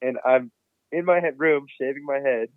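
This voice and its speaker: A man telling a wild story in a casual podcast chat, cursing freely and getting animated. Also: medium pitch, moderate pace, dry recording. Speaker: podcast guest. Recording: dry, phone-like remote line.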